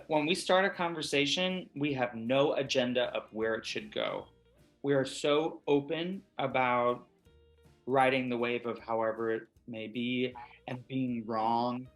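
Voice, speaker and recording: A man's voice: medium pitch, fairly bright tone. An American man, an actor guest, chatting expressively and casually in an interview. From USA.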